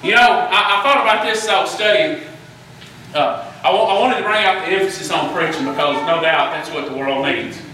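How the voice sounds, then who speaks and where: A middle-aged man, preaching a fervent sermon that climbs into shouting, often repeating words as he restarts. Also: sits high, a little fast. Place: church. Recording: echoey room from a distance, faint noise.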